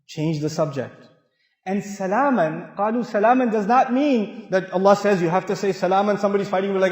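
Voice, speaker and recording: Guy giving a sermon, pretty high voice, lively storyteller, big echoey hall. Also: a little fast. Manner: animated storytelling, swinging between loud and hushed. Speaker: Islamic speaker. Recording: echoey hall with long reverb.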